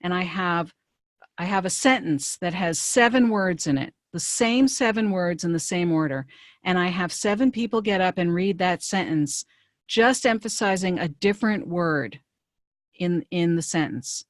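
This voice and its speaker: Career coach woman, low dry voice. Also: no room sound. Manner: conversational, brisk, with frequent fillers and restarts. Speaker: career coach presenting a webinar. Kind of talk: webinar presentation.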